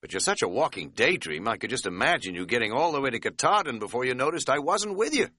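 A scatterbrained middle-aged hiking buddy, put on by a man reading an audiobook, talks in a folksy, rambling drawl. The voice sits a little higher than the reader's own and bounces lively up and down. It sounds bright and close, with a dry studio feel. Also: quick pace, slightly rough, no echo, exaggerated voice. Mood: rambling sheepish. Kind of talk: audiobook character voice.

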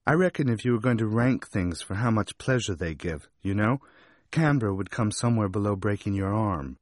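A man's voice: fairly low pitch, lively intonation, a little fast, a little mellow, dry recording, clean studio sound, lightly acted. A man doing a frank young shop girl. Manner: rising statement intonation. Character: young female shop assistant, frank and chatty.

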